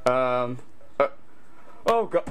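A man's voice: mid-range voice, lively intonation, slow pace, fairly bright tone, clean tone, voice pushed down. A man playing a rambling male food-reviewer streamer, full of fillers and asides.

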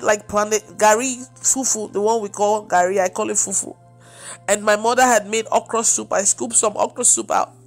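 A woman preacher giving an emotional testimony, acting out the dialogue as she tells it. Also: a little high. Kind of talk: testimony sermon.

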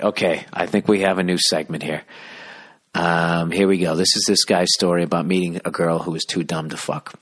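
Low-voiced man in a hushed, profane ramble. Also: fairly even intonation, moderate pace, husky. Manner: profane, hushed half-whisper. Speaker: podcast host. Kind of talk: rambling comedic monologue.

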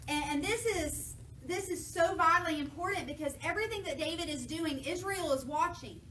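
A woman preaching a lively sermon, retelling scripture casually and acting out the voices of people in it. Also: very high voice, normal speed. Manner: lively, jokey, acts out voices of people in the story. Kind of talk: sermon with playful paraphrase. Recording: echoey church from a distance, faint noise.

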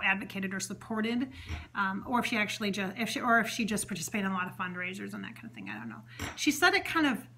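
A woman talks through a spirit-channeling session in a loose, chatty ramble, full of "um" and "you know" and restarts. Her voice is bright and forward, and her tone stays earnest and heartfelt as she passes on what she says the spirit tells her. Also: fairly high pitch. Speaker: psychic medium host. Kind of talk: spontaneous channeling session monologue.

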